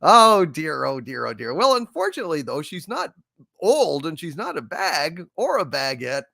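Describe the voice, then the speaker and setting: A man runs a casual livestream, reading out viewer messages and teasing the senders with corny jokes. His voice sits a little high and swings widely in pitch, with a bright, forceful edge. The sound is dry and close, with almost no room echo. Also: normal speed, gravelly. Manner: animated, jokey, shouting greetings with big pitch jumps. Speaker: livestream host. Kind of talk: casual livestream chat reading super chats.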